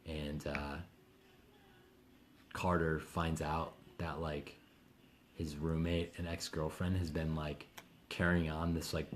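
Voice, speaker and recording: A man, an author, chatting casually on a live stream from home, rambling with lots of fillers and quick laughs. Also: low-pitched, a little mellow, a little hiss or hum. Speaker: author answering reader questions.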